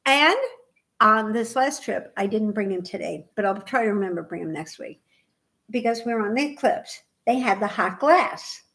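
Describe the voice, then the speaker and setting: Animated chatty woman telling stories. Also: medium pitch, normal speed, gravelly. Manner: animated storyteller, acts out voices. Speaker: podcast co-host. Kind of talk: casual chat.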